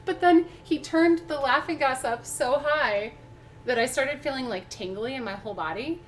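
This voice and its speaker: A young woman with a high voice chats casually at a moderate pace while cooking on a livestream. She rambles, filling her speech with fillers and restarts, over faint background music and a little hiss or hum.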